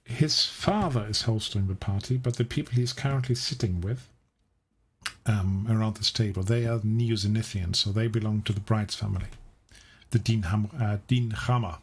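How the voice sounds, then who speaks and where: A man's voice: on the low side, moderate pace, slightly rough. A man running a tabletop game as game master, describing scenes and asking players what they do.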